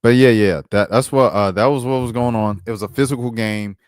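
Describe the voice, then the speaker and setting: A man with a fairly low, clear, resonant voice speaks fairly quickly, recorded without echo in clean studio sound. He's a sports commentary host on a casual basketball stream, easygoing and slangy, often using "bro" and "dog" as he multitasks pulling up clips.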